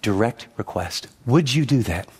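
A man's voice: mid-range voice, expressive, moderate pace, a little mellow, slightly rough. A middle-aged man preaching a sermon, telling a personal story and then pressing his points with emphatic, repeated lines and quoted asides. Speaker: pastor. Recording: long hall reverb.

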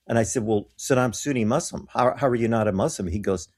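Speaking fast in a mid-range, slightly mellow voice, a guest recounts his mission trips. His storytelling is earnest and animated, and he performs the voices of the people he quotes.

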